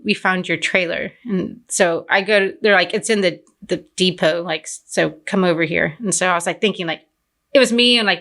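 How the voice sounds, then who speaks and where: A young woman from Fort Worth sits for a casual interview and retells her business stories with chatty energy. She leans on "like" as a filler and tells them in a lively way. Her tone is clear and bright. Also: fairly low pitch. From Fort Worth, Texas. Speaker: entrepreneur guest.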